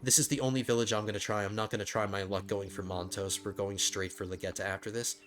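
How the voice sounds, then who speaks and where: A man's voice: fairly low pitch, flat delivery, fast, fairly bright tone, a little hiss or hum. A man hosting a let's play, thinking aloud in casual gameplay commentary, rambling with frequent restarts.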